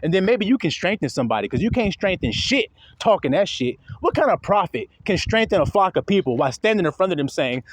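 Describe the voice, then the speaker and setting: A man preaching a fiery sermon, reading scripture slowly and dropping into low, profane asides between high, mocking impressions. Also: big pitch swings, slightly rough, dry recording. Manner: reads scripture slowly and deliberately.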